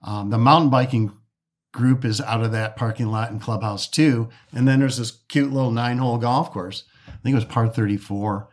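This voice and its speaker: A man from the Detroit area, an architect of golf courses, tells anecdotes in a laid-back interview, often restarting and playing out quoted dialogue. He has a mid-range voice and talks at normal speed.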